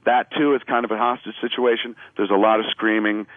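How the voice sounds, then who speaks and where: A man's voice: fairly low pitch, brisk, dry recording. A man telling a loose, profane story as a radio show guest, acting out what each person said, with plenty of filler words. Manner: animated storyteller acting out quoted lines. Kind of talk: casual anecdote on a radio talk show. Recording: narrow phone-like radio sound.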